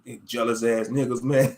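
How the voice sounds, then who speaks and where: A man's voice: mid-range voice, gravelly, a little mellow. A man hosting a casual livestream talk who speaks in a laid-back, slangy way and laughs often. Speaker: host.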